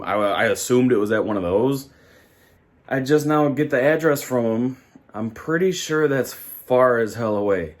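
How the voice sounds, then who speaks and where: A young man vlogging in a rambling, exasperated casual chat, full of fillers. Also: fairly low pitch.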